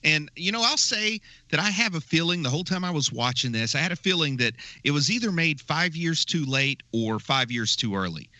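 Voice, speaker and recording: Bright-voiced man with dry wisecracks. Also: a little high, expressive, fairly quick, hardly any pauses, no echo. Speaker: podcast co-host. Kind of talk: casual movie review chat.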